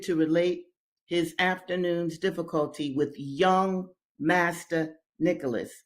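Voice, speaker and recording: A woman's voice: lowish voice, fairly even intonation, slow pace. A woman reading a slave narrative aloud with her own commentary, speaking emphatically and directly to her listeners. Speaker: reader and commentator.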